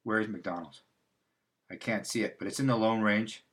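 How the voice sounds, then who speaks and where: A man's voice: fairly low pitch, fairly even intonation, moderate pace, fairly bright tone. A man hosting a casual livestream, talking in a loose, rambling way with restarts and asides. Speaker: host. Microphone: livestream mic.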